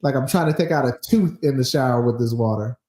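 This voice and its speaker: A man's voice: medium pitch, quick pace, roomy sound. A man hosting a podcast in casual chat, telling stories with lots of swearing and acting out the quotes himself. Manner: animated storyteller, acts out quotes, swears freely. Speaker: podcast host.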